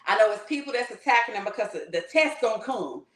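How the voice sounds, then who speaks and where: A woman with a high voice delivers a fervent spiritual workshop talk. She speaks in blunt, slangy street talk and swears freely. The recording has a roomy echo. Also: animated, fast. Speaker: spiritual teacher.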